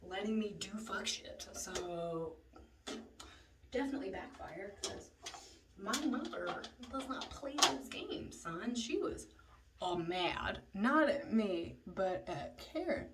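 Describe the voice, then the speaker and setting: A woman's voice: mid-range voice, expressive, slow. A young woman telling a casual storytime, chatty and profane, dropping into whispers for asides. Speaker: vlogger. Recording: slightly distant mic, faint noise.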